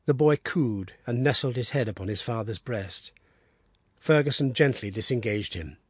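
A man narrating an audiobook with expressive, steady storytelling. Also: medium pitch, normal speed, breathy edge, no echo. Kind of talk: scripted narration.

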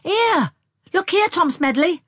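A woman's voice: very high-pitched, expressive, very slow, sharp tone, no room sound, studio quality, pitched above the performer's own voice, exaggerated voice. A woman reading a novel aloud, voicing an outspoken young woman who scolds emphatically. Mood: scolding.

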